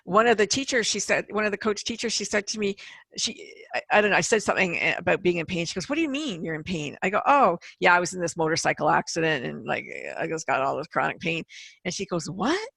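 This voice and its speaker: A woman's voice: on the low side, quick pace, vocal fry, a bit bright, husky, no room sound. A middle-aged woman hosting an interview, telling her own story candidly and acting out the people she quotes. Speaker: podcast host. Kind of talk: casual interview chat.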